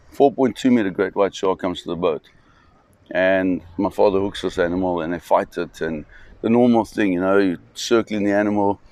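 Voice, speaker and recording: Male storyteller, low register, dry close sound, animated and loose delivery. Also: dry recording. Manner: animated storytelling with fillers and restarts. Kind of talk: spoken anecdote.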